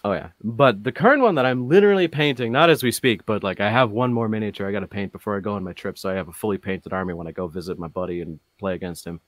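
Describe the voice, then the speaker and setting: Low-voiced man rambling in dry close-up. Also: fast talker, hardly any pauses, no echo. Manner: rambling, many fillers and restarts, gets animated. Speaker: podcast guest. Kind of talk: casual chat.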